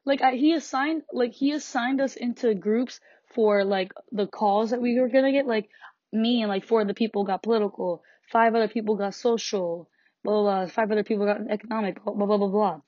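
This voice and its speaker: Teenage girl, high school student, frustrated rant, sarcastic, swearing, dull dry recording. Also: fairly quick, warm tone, no room sound. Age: teens. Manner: frustrated, sarcastic, swears, laughs between lines. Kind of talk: venting rant to camera.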